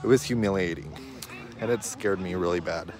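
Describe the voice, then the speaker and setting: A young man, chatting excitedly and giggling as he vlogs into a handheld phone outdoors on a ski lift at night. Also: low-pitched, normal speed, over loud music. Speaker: vlogger. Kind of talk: casual vlog. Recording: noisy outdoor phone recording.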